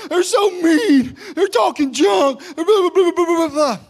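A man's voice: very high voice, a little slow, vocal fry, voice pushed up, full character voice. A man putting on the voices of whiny, panicking kids on a losing basketball team, complaining indignantly.

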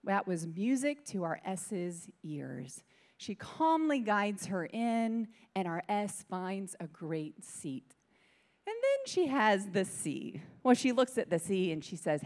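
Woman telling a church story, animated. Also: mid-range voice, takes it slowly. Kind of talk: sermon with story.

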